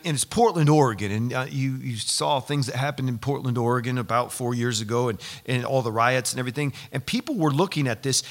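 A man preaching a sermon, telling a story with lively energy and acting out the people he quotes. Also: on the high side. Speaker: pastor.

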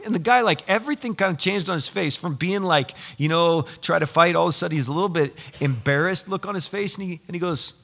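Guy preaching, tells stories all animated, kinda bright sharp voice. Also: high voice, quick pace, vocal fry, few pauses. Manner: storytelling, animated, acts out quoted people. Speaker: pastor. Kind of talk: sermon.

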